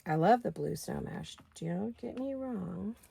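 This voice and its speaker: A woman's voice: on the low side, animated, measured pace, vocal fry, warm tone, breathy edge, no room sound. A middle-aged woman hosting a craft video, chatting casually and thinking aloud as she works. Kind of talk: casual craft-along chat.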